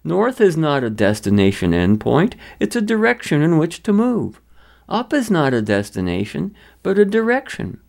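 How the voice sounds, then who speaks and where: A man's voice: fairly high pitch, wildly swooping pitch, normal speed, creaky, a little mellow. A man hosting a broadcast, delivering scripted commentary in an emphatic, lecturing way. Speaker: radio host.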